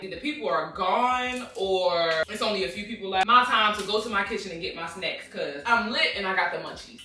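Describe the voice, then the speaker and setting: A bright, sharp-toned woman tells a slangy story straight to camera. Her voice rings around a bare, echoey room, and she sits a little back from the mic. She gets animated and pitches way up whenever she quotes someone. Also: distant mic. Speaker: storytime vlogger.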